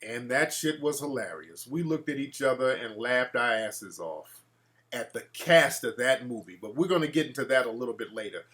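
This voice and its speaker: A man's voice: medium pitch, expressive, moderate pace, a bit bright. A man hosting a casual call-in show, talking in a brash, profane way and reacting to his live chat. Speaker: talk show host.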